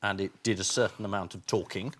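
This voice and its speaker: A British man on a comedy panel, telling self-mocking stories in a deadpan way. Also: low-pitched, quick pace, slight background noise. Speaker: panel show regular. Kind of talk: casual comic banter.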